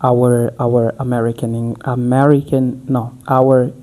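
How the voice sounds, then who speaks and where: A man from Africa whose first language is Portuguese, hosting a podcast interview and asking questions in halting, restarting phrases. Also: mid-range voice, little pitch movement, dark tone. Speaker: podcast host.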